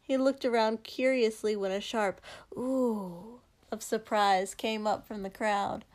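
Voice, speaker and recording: A woman narrating a story aloud in a steady, unhurried reading. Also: mid-range voice. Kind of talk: reading fan fiction aloud.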